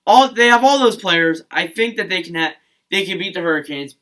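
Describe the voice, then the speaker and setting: A man's voice: high voice, brisk, pushed and bright. A young man hosting a casual hockey vlog, rambling and correcting himself as he gives his opinions. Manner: rambling, frequent restarts and self-corrections. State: hiccuping. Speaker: hockey channel host. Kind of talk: casual sports vlog commentary.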